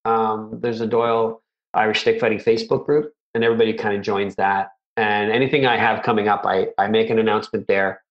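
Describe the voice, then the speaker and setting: A man's voice: fairly low pitch, little pitch movement, fairly quick, muffled recording. A middle-aged man, a martial arts instructor, telling stories in a casual interview, rambling and self-deprecating with many restarts.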